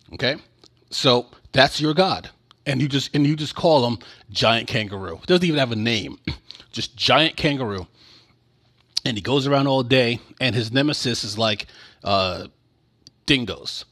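A man's voice: medium pitch, a bit bright. A man giving casual political commentary in a blunt, sarcastic and profane way.

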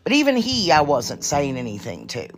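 A woman hosting her own podcast in casual chat, blunt and profane, a little nervous and halting. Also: sits low, wildly swooping pitch. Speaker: podcast host.

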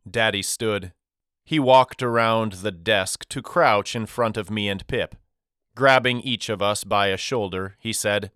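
A man narrating a first-person novel for an audiobook in a measured, expressive storytelling manner. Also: on the low side, clean tone, dry recording, clean studio sound.

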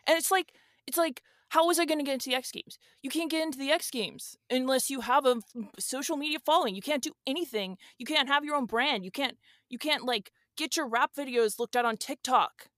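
A woman's voice: high-pitched, fairly quick, a bit bright, dry recording, studio quality. A woman playing a young, rich, airheaded male influencer who talks in a slangy, rambling, defensive drawl as a guest on a comedy podcast. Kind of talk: improvised comedy podcast sketch.

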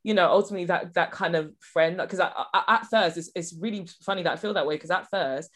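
Woman, podcast host, quick, lowish voice, chatty and rambling. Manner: rambling, chatty, lots of restarts. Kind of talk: casual chat.

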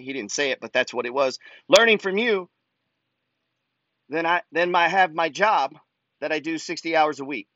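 A man with a fairly high voice delivers a pushy, profanity-laced motivational rant as a show host. The sound is dry and slightly dull. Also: animated, normal speed, long pauses, pushed and bright, no room sound. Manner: swears constantly, pushy, fired-up. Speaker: host reading follower emails.

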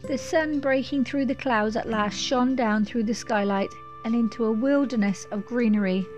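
A woman narrating a storybook in a measured, descriptive way. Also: a little high, a little mellow, soft background music.

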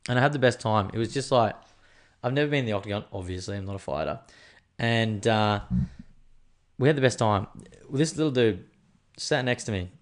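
A man's voice: lowish voice, lively intonation, brisk, pauses often. A man hosting a podcast, rambling in a loose, chatty way and swearing freely. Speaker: podcast host. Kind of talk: casual chat.

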